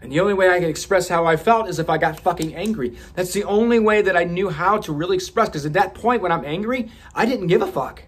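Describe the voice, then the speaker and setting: Husky man telling a candid story. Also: high-pitched, fast talker, few pauses. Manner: candid and profane, with frequent restarts and laughter. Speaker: podcast host.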